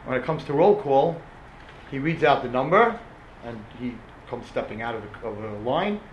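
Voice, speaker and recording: A man giving a dramatic storytelling talk as a religious speaker, animated and mixing in Hebrew and Yiddish terms. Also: mid-range voice, moderate pace, muffled recording, a little hiss or hum. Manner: animated, rising to impassioned shouts. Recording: roomy echoing room.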